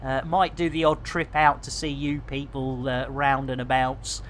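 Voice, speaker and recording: A man's voice: mid-range voice, level tone, a little slow, fairly bright tone, a little hiss or hum. Chatty man streaming a game. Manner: chatty, rambling, jokey. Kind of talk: casual live-stream chat.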